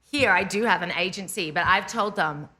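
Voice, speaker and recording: A young Australian woman, a podcast guest, chatting in a lively, animated way with lots of fillers. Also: medium pitch, normal speed, slightly rough. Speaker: podcast guest, pop singer. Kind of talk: casual interview chat.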